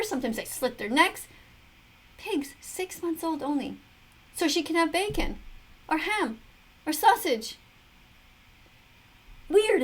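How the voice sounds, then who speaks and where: A middle-aged woman giving preachy, earnest commentary on a video, full of rhetorical questions. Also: high-pitched. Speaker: vegan commentator reacting to a video. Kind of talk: casual commentary to camera.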